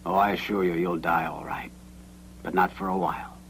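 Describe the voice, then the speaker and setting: An actor playing a cold, ruthless former army captain in a dubbed western, speaking in a menacing, matter-of-fact way. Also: male voice, low voice, steady tone, moderate pace, gravelly, a little hiss or hum, low-quality recording. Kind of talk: dubbed 1970s western film acting.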